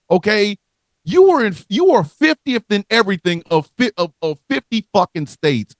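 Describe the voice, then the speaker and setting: Loud, profane ranting man. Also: sits high, sing-song, moderate pace, no echo. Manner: loud, profane, shouting bursts. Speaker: podcast co-host. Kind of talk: crude comedic rant.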